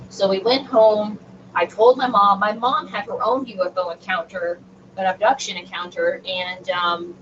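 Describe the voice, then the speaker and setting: A middle-aged woman, an interview guest telling a personal story in an animated, emphatic way with frequent restarts. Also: mid-range voice. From Southern United States. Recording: distant, dull remote audio with faint noise.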